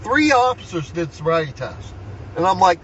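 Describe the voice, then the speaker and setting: An older man with a high voice rants heatedly, swearing and throwing out "right?" again and again. He speaks from inside a vehicle, and the recording sounds dull and lo-fi under a faint hiss. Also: sing-song, moderate pace, fairly bright tone. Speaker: vlogger. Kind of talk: angry personal rant.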